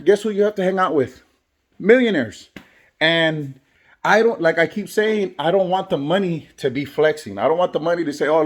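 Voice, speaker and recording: A man who is a barber and father, talking earnestly in a motivational vlog and repeating phrases for emphasis. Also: a little high. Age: adult, has kids. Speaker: barber and vlogger.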